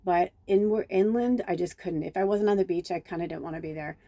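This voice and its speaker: A middle-aged woman from Chicago tells a long personal story in a casual vlog, wandering off on tangents. Her voice is warm and relaxed. The sound is dry and close, with almost no room echo. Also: on the low side, fairly quick. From Chicago, USA. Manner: rambling and digressive, with casual swearing; acts out quoted dialogue with lively reactions. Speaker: spiritual medium.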